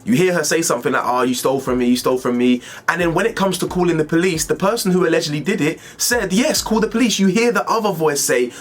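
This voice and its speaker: A man's voice: medium pitch, husky. Man speculating over faint music. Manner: speculative, conversational, rhetorical questions. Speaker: commentary channel host. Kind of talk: commentary on a viral video.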